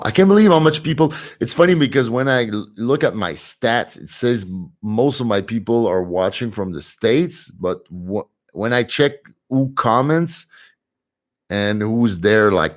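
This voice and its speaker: A man chats casually on a live stream, replying to viewer comments and laughing easily. His voice sits fairly low. He takes his time with every phrase. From Montreal, Canada. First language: French.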